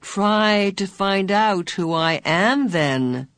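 A narrator voicing a bland, sinister man on a chair who talks in a slow, smooth, patronizing way. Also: mid-range voice, animated, a bit bright, no room sound, clean studio sound, voice pushed up, heavily acted. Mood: probing. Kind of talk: audiobook character voice.

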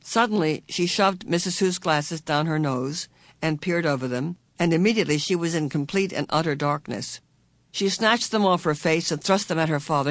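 Measured audiobook narrator, dry sound. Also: mid-range voice, no echo. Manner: measured, expressive storytelling. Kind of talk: scripted narration.

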